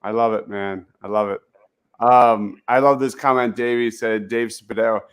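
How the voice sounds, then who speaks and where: A man's voice: fairly low pitch, steady tone, normal speed, clear, resonant tone. A man hosting a casual sports talk show, reading out viewer comments and laughing easily. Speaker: podcast host.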